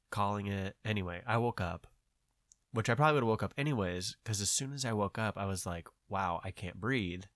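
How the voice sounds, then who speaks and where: A man's voice: fairly low pitch, no echo, studio quality. A man with a nasal voice, talking in casual podcast chat, rambling and swearing as he tells a story. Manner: rambling, profane, animated storytelling. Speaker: podcast host.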